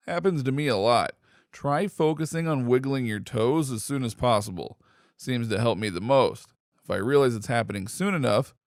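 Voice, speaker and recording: Guy reading internet stories out loud, steady and even, raspy fry in his voice, dry close sound. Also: lowish voice, dry recording. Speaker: story reader. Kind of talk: scripted narration of online posts.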